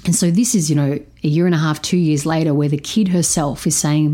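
A woman telling a story about parenting her stepdaughter, speaking in a slow, measured, reflective way. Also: sits low, fairly even intonation, warm tone. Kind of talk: storytelling talk.

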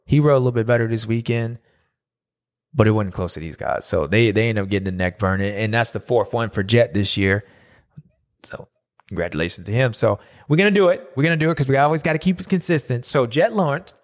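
A podcast host who used to race gives a loose, chatty race recap at a brisk clip, talking about it like someone who has done it himself. His pitch swings widely, and he often slips into high, mocking voices to act out what the riders said.

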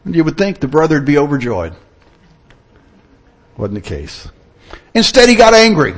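A man's voice: a little high, huge pitch swings, moderate pace. A man preaching a sermon in an earnest, storytelling manner. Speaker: pastor.

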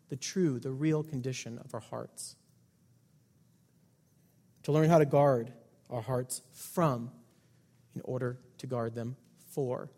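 A man preaching a sermon as pastor, emphatic, with loud stresses and quiet asides. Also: mid-range voice. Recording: long hall reverb.

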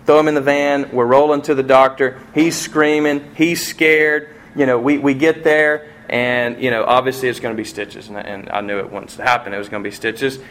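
Middle-aged pastor preaching a sermon. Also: male voice, medium pitch, steady tone, normal speed, hardly any pauses, a little hiss or hum. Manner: storytelling with vivid acted-out quotes and swings in loudness.

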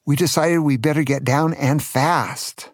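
A man's voice: a little high, fairly even intonation, unhurried, no echo, studio quality. An older man telling a children's adventure story as a grandfather, playful and dramatic, with small jokes.

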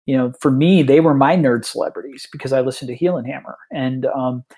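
A man of middling pitch chatting as a podcast guest about running tabletop game events. He rambles through restarts and fillers, then picks up energy as he retells his stories. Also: fairly quick, breathy edge. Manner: animated when retelling stories. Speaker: tabletop tournament organizer, guest. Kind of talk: casual podcast conversation.

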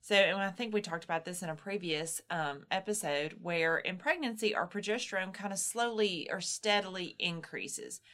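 A woman's voice: on the low side, moderate pace, few pauses, fairly bright tone. A woman co-hosting a podcast, explaining things in a reassuring, plain way and sometimes acting out what a mother thinks. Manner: explanatory, reassuring, acts out moms' inner voices. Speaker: podcast co-host explaining postpartum health. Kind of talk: casual podcast chat.

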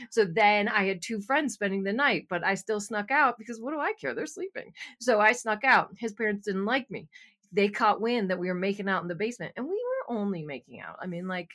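A young adult woman co-hosting a podcast, telling a story from her teens in a candid, animated way with some swearing. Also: medium pitch, brisk. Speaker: podcast co-host. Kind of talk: casual chat, storytelling.

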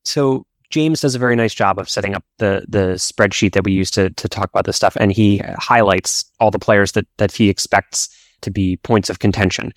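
Male stats analyst, measured and matter-of-fact, lowish voice, dry sound. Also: dry recording. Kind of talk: casual sports analysis chat.

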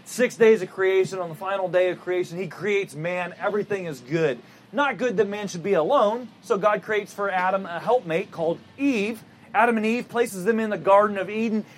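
A male pastor preaching in a relaxed storytelling manner and asking rhetorical questions. His voice sits high for a man. A faint hum runs underneath. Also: normal speed. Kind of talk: sermon.

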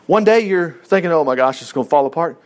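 A man's voice: a little high, animated, quick pace. A man teaching a Bible chapter in a loose, rambling way, laughing often and acting out the quotes. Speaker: preacher.

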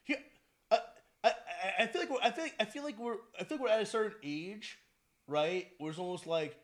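A man's voice: high voice, a little fast. A young man chatting casually and profanely, rambling with many restarts and laughing often.

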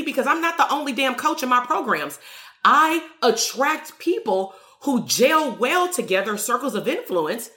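Blunt, emphatic woman coach, bright roomy sound. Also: on the high side. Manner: blunt, emphatic, swears freely. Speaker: business coach. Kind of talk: motivational monologue. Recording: roomy echo.

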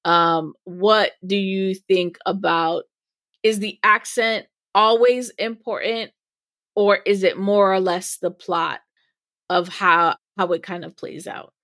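A woman's voice: medium pitch, fairly even intonation, takes it slowly, fairly bright tone, no room sound. Hesitant woman host, dry close sound. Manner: thoughtful, hesitant, many fillers. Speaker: podcast host. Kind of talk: interview questions.

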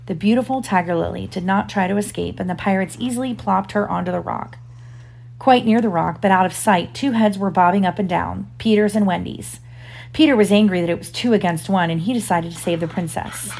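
Mom narrating a kids' storybook, mid pitch, expressive read-aloud. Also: female voice, brisk, gravelly. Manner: expressive, gentle questions to child. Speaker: parent reading aloud to her child.

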